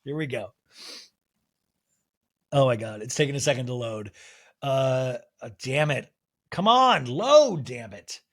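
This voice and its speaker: A man hosting a solo podcast recap, talking in an animated, rambling way and swearing freely. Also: mid-range voice, a little slow, long pauses. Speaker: podcast host.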